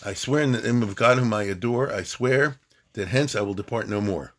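A man's voice: fairly low pitch, a little fast, a bit bright. A man reading an aged defiant rabbi. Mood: solemn. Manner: solemn poetic recitation. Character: aged devout rabbi defying death, male.

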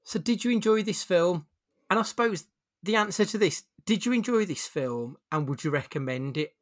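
A man's voice: high-pitched, animated, normal speed. Male podcast host, blunt and wry, casual review chat.

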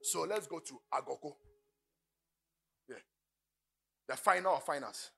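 A man with a Ghanaian accent preaching a sermon. He shouts at the peaks and drops to low storytelling. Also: measured pace, creaky, slightly rough, faint music behind. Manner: fiery, shouting at the peak then dropping to low storytelling. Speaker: pastor.

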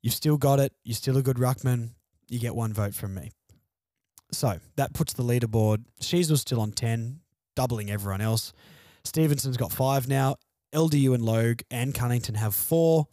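A man's voice: medium pitch, moderate pace, mellow, dry recording, studio quality. A man hosting a fan podcast alone, venting frustrated, sardonic opinions about his team's loss. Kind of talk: solo sports podcast rant.

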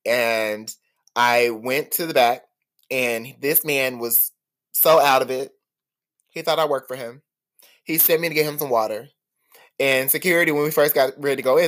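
A man hosts a casual solo podcast, spinning stories in a gossipy, animated way. His mid-range voice swoops up and drops low for dramatic asides. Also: normal speed, pauses often. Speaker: podcast host. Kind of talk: casual storytelling monologue.

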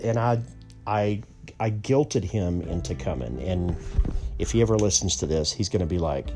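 A man's voice: fairly low pitch, lively intonation, normal speed, mellow, soft background music. A man telling a personal story in a casual, rambling way, full of restarts and asides.

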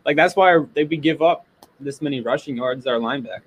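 A man's voice: a little high, fast talker, a little hiss or hum, low-quality recording. A man co-hosting a casual sports podcast, blunt and profane, often laughing. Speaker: podcast co-host.

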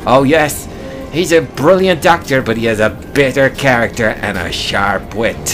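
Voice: medium pitch, unhurried. Sketch performer, earnest with slight stammers, music bed. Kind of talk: sketch comedy.

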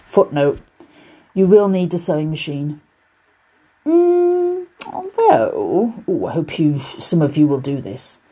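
This UK podcast host and quilting teacher talks through her casual solo show on quilting in a chatty, encouraging manner full of wandering asides. Her voice sits low and is warm with a breathy edge, at a moderate pace.

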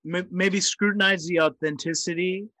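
A man's voice: high-pitched, fairly even intonation, moderate pace, sharp tone, no echo. Man musing in dry podcast chat. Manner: thoughtful, builds long questioning arguments. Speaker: podcast co-host. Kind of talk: casual chat.

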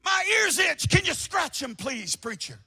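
A man voicing a whiny, self-centered churchgoer in a shrill, mocking whine. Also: sing-song, a little slow, pushed and bright, shouting, long reverb tail, exaggerated voice.

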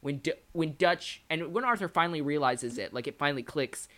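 A man's voice: fairly high pitch, expressive, brisk, a bit bright. A man co-hosting a podcast in casual chat, passionate and analytical, often repeating words as he builds his point. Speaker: podcast co-host. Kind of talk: casual chat about a video game.

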